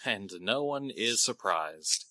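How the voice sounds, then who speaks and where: A man running a tabletop role-playing game as game master, chatty and quick to laugh. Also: lowish voice, lively intonation, pushed and bright, no echo.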